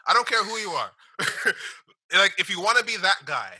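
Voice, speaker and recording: A man with a slightly high, very bright voice that swings widely in pitch as he talks football. He gets emphatic and laughs a lot. The sound is dry and close, with no room echo. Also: moderate pace, breathy edge. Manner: animated, laughs often, emphatic. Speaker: podcast co-host. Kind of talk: casual football chat.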